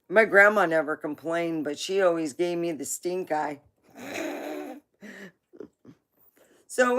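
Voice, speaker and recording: Slow-talking woman telling stories. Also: mid-range voice. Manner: rambling, laughing, with swearing. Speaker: livestream host. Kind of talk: casual storytelling.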